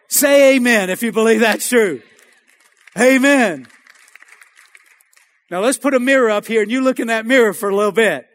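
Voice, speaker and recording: A male pastor preaching a sermon in a church, calling out to the congregation for amens and rising to shouts. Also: very high voice. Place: church sanctuary.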